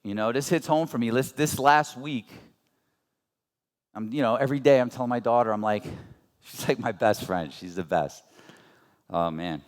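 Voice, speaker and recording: A man's voice: medium pitch, normal speed, long pauses. A man in his thirties giving a motivational seminar talk, earnest and conversational, asking the audience rhetorical questions. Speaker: motivational speaker at a business seminar.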